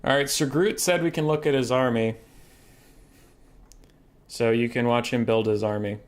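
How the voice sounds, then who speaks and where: A man chatting casually on a livestream as a game streamer and caster, relaxed and reacting to his chat. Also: mid-range voice, moderate pace.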